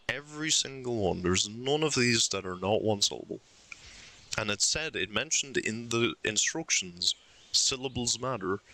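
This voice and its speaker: Young guy streamer puzzling out loud, lowish voice, kinda bright and sharp, keeps insisting he's right. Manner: thinks aloud, argues with himself, insistent. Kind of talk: live game commentary.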